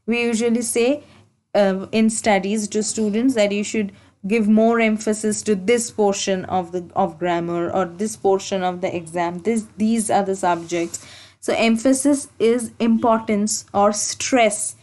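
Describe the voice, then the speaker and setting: A woman teaching an English grammar lesson for exam preparation, explaining slowly and deliberately, repeating key points and correcting herself as she goes. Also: mid-range voice, steady tone, darkish tone. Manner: slow, deliberate explaining with repetition and self-corrections.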